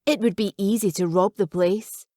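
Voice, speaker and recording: Lady narrating a novel, calm and descriptive, middle pitch, dry sound. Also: normal speed, dry recording. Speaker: audiobook narrator. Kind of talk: scripted narration.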